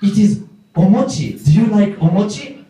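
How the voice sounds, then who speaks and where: A man voicing a polite, eager Japanese coworker who speaks halting, formal English with a Japanese accent. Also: high-pitched, lively intonation, dark tone, voice pushed up. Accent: Japanese-accented English, put on. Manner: halting, overly formal phrasing. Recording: echoey room, mic far off.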